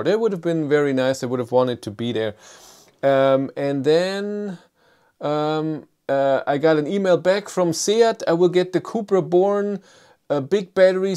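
Halting German-accented man hosting a livestream. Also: fairly high pitch, a little mellow, smooth. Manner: halting, many fillers and restarts, reads chat questions aloud. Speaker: livestream host. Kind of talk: live chat answering viewer comments.

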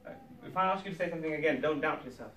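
Male classroom teacher, coaxing and encouraging; slightly raised pitch, distant mic in a reverberant room. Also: rapid-fire, a bit bright, slight background noise. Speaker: Arabic teacher. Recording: echoey classroom from far off.

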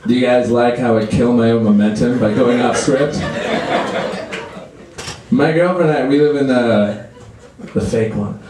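A man's voice: mid-range voice, measured pace, pauses often, reverberant. Man in his thirties, from Canada, stand-up comedian, crude, self-deprecating, comedy club, audience noise. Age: 30s.

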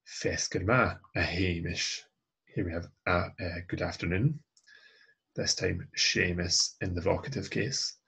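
A man's voice: low-pitched, unhurried, vocal fry, pushed and bright, slightly rough. A man teaching a recorded language lesson, reading dialogue lines aloud and then translating and explaining them. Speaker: language tutor.

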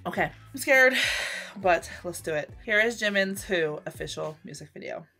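A woman chatting casually as a reaction vlogger, excitable and gushing, full of exclamations and pauses. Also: mid-range voice, gravelly, music in the background. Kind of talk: casual reaction video commentary.

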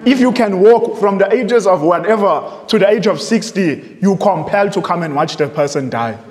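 A man's voice: high-pitched, expressive, normal speed, darkish tone. A man preaching a sermon, reading from printed sources and repeating his points with rhetorical questions. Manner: emphatic, repeats phrases, asks rhetorical questions. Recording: echoey room with long reverb.

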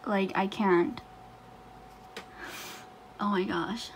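A woman vlogger chatting casually through an unboxing, gushing and excitable with frequent laughs. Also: medium pitch, extremely slow, a little hiss or hum.

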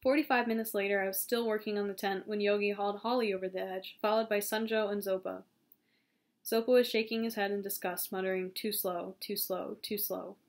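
A woman reads a novel aloud in a calm, steady voice at an ordinary pitch. She sometimes trips over a word and starts the phrase again. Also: quick pace. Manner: calm, steady reading with small slips and restarts. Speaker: audiobook reader.

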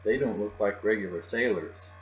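Brave little girl hero, bright and eager, read by a man, dull lo-fi hum. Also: fairly low pitch, moderate pace, lightly acted. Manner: bright, excited exclamations.

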